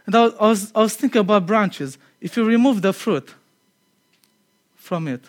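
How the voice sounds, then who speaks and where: A man preaching a conversational sermon. He is earnest and chatty, laughs at himself, and drops to a quiet tone for emphasis. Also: high voice, normal speed.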